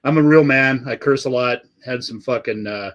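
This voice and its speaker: A man's voice: medium pitch, normal speed, muffled recording. A middle-aged man hosting a live stream, chatting loosely and swearing in nearly every sentence after a few drinks. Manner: profane, rambling, swears constantly. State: has been drinking. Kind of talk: casual live-stream chat.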